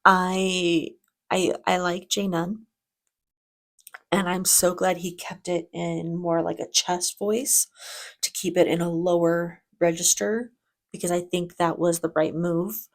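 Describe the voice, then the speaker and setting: A woman's voice: fairly low pitch, level tone, takes it slowly. A woman hosting a reaction video, giving casual commentary in a chatty, enthusiastic way with frequent restarts.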